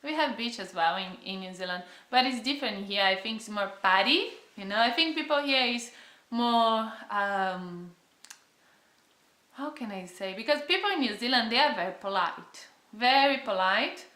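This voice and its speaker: Bright Brazilian woman vlogging. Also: fairly high pitch, expressive, normal speed, roomy sound. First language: Portuguese. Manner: chatty, searching for words, frequent fillers. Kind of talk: casual chat to camera.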